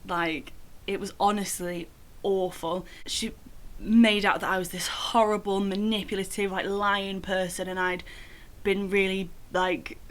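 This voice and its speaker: A young woman telling a personal story in a casual vlog, chatty and full of "like" fillers. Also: on the low side. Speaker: vlogger.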